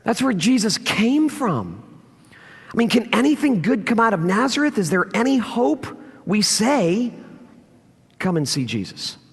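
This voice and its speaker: A male pastor delivers a sermon, telling stories with lively, swooping intonation and acting out dialogue. His voice sits high for a man. The recording carries the long reverb of a church sanctuary. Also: a little slow, husky. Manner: animated storytelling, acts out quoted lines. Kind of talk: sermon with personal story.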